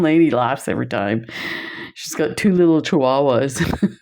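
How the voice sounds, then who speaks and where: A woman's voice: low voice, slow, long pauses, a little mellow. A woman presenting beads on camera in a casual chat, telling stories and laughing often. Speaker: bead shop video presenter.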